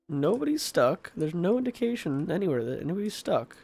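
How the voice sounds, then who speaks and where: A man's voice: high-pitched, sing-song, a little fast, vocal fry, hardly any pauses, darkish tone, no echo, soft background music. A man giving casual gameplay commentary, exasperated and swearing, asking the same questions again and again. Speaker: gaming streamer.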